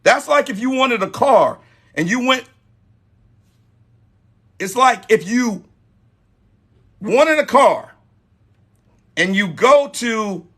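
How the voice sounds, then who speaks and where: A man's voice: very high-pitched, a bit bright, breathy edge. A man in his forties hosting a live dating-advice talk, emphatic and repeating his key points. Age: 40s. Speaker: host.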